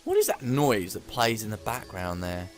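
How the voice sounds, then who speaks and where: A man's voice: on the low side, big pitch swings, moderate pace, soft background music. A man chatting casually during a game session, rambling, swearing freely and laughing often. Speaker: gamer co-host. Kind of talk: casual chat while gaming.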